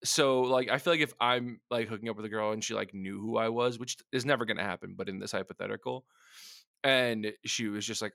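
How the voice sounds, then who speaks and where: A man's voice: on the low side, a little fast, creaky, sharp tone, no echo, clean studio sound. A man hosting a podcast, chatting crudely and laughing, often acting out voices of other people. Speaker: podcast host. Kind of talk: casual comedic chat.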